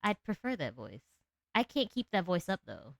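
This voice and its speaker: A woman with a low alto voice chatting casually with her live-stream viewers, giggling often. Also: wildly swooping pitch, normal speed, creaky, a bit bright, dry recording. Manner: chatty, giggly, talks to chat and her cat.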